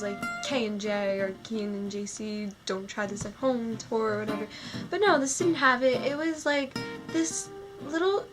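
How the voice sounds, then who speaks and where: A young woman vlogger telling a story in a gushing, excitable way, full of "like" fillers. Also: on the high side. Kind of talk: storytelling vlog. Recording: music playing under the voice.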